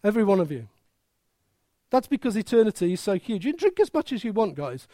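A preacher giving a lively, emphatic sermon with humour and many rhetorical questions to the congregation. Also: medium pitch, quick pace, no room sound, clean studio sound.

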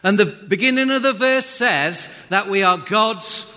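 Preacher, bright higher voice, slow delivery, booming church hall. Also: male voice, lively intonation. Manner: chatty, jokey, talks straight to the congregation. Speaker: pastor. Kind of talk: sermon. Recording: reverberant hall.

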